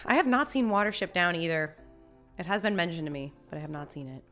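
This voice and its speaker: Bright-voiced woman chatting on a stream. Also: on the low side, expressive, quick pace, faint music behind. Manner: chatty, laughs often, talks with fillers and restarts. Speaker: streamer reading chat. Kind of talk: casual live-stream chat. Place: home.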